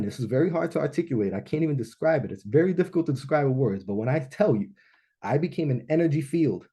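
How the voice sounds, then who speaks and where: A man speaking to a live audience at a business launch event, telling a personal story in an animated way and often checking in with "right?". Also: on the high side, husky.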